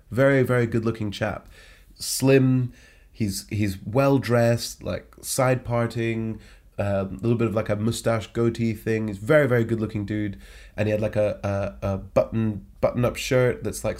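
Man telling a comedy story. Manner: animated, jumps pitch to act out quoted lines. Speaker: stand-up comedian. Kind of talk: casual anecdotal storytelling.

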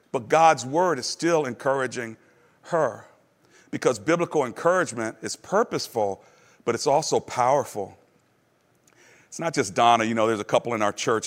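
A man preaching a sermon, telling stories and putting questions to the congregation, swinging between quiet low moments and emphatic high ones. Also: long reverb tail. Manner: storytelling preacher, asks the crowd questions. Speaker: pastor.

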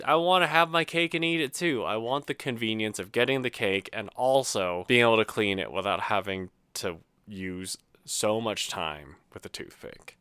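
Male solo host, low-ish and clear, self-mocking venting monologue. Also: sharp tone, dry recording, clean studio sound.

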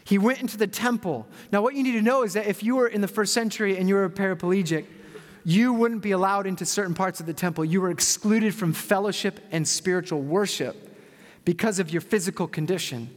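A man preaching a sermon as pastor, telling stories in a lively, conversational way. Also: high-pitched, a little fast. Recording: long hall reverb.

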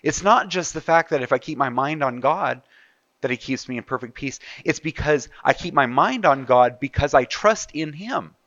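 A man's voice: a little high, expressive, normal speed, a bit bright, no room sound. Guy preaching, asks lots of questions, dry dull sound. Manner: conversational preaching with rhetorical questions. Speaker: pastor. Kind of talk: sermon.

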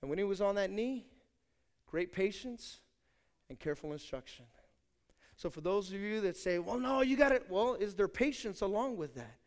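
A man preaching a sermon as pastor, emphatic and speaking straight to his congregation, moving between quiet asides and loud declarations. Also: high voice, expressive, normal speed, pauses often.

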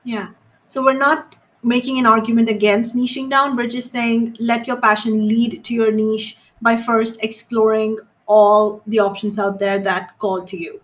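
A woman's voice: a little high, little pitch movement, a little slow, recorded from a distance. A woman hosting a podcast, asking thoughtful questions and summing up what her guest says. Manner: thoughtful, sums up the guest's points. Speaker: podcast host. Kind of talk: interview questions, casual chat.

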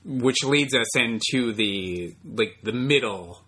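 Husky man recapping a movie plot. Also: mid-range voice, slow, bright, forceful tone. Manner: stumbling restarts, agreeable, keeps recapping the plot. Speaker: podcast co-host. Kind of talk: casual movie discussion chat.

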